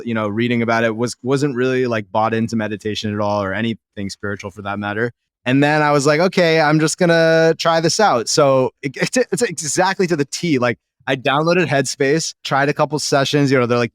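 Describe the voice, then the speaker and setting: Podcast host, male, 30s; smooth clear voice, dry close sound, eager casual talk. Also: mid-range voice, no echo. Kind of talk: casual conversational interview.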